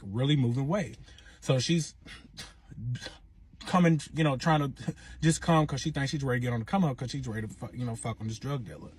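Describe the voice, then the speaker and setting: A young man tells a wild personal story in a husky, breathy voice, with a dry, close sound. He swears freely and keeps checking in with his listener as he goes. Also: mid-range voice, dry recording. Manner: animated, profane, says 'you know what I'm saying' a lot. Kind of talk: casual storytime monologue.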